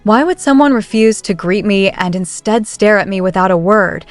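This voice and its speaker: A woman's voice: mid-range voice, lively intonation, normal speed, no room sound, lightly acted. A woman voicing a proud, haughty young crown prince.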